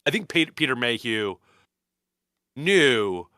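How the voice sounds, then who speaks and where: Man, podcast co-host, casual banter, bouncy pitch, bright tone, dry close sound. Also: smooth, no echo. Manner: animated, jumps into quick comic voices. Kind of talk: casual chat.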